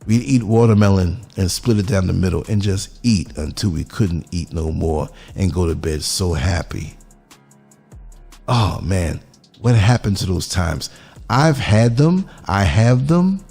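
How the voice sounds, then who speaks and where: A man's voice: mid-range voice, vocal fry, mellow. A man from the United States giving a reflective podcast monologue, earnest and musing, putting questions to the listener.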